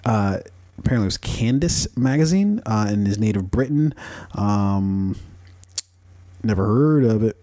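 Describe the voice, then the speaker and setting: A man's voice: lowish voice, lively intonation, measured pace, pauses often, dark tone, no room sound. A man hosting a casual podcast, rambling and swearing freely, with lots of fillers and chuckles. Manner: profane, rambling, with frequent fillers and laughs. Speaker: podcast host.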